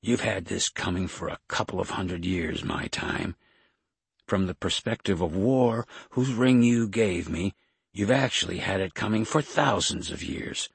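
A man's voice: low-pitched, measured pace, vocal fry, breathy edge, dry recording, heavily acted. A man voicing a vengeful possessor who gloats and mocks with triumphant spite. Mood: spiteful. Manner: mocking, triumphant. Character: Jason, a vengeful, gleeful man possessing another's body.

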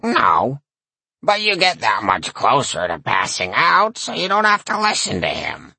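A man voicing a laid-back, boozy male drinking buddy who gives blunt, deadpan advice in a husky voice. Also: mid-range voice, unhurried, dry recording, exaggerated voice.

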